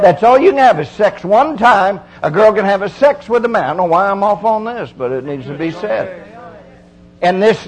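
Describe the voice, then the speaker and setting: A middle-aged preacher giving a folksy, emphatic sermon full of repeated phrases. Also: male voice, high voice, poor audio.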